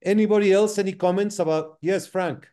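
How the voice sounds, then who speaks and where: Brief: male seminar host, slightly higher voice, mellow, talks slowly and deliberately. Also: steady tone. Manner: measured, unhurried moderator. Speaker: host of referee masterclass. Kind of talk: online seminar discussion.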